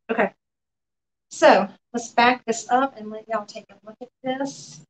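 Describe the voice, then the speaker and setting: A woman running a live painting demo in her art studio, relaxed and often murmuring to herself as she works. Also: fairly high pitch, measured pace, poor audio. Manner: relaxed, talks to herself while working, often quiet and off-mic. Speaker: painting instructor.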